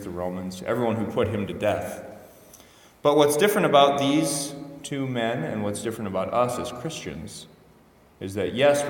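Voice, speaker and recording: Man preaching in an echoey church. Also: on the low side. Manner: conversational, self-correcting, wry asides. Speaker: priest. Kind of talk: weekday homily. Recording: echoey church hall, voice from a distance.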